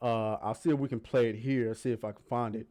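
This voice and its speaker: A man's voice: medium pitch, fairly even intonation, fast talker, dark tone. A man giving heated, argumentative reaction commentary on a video clip, emphatic and swearing often.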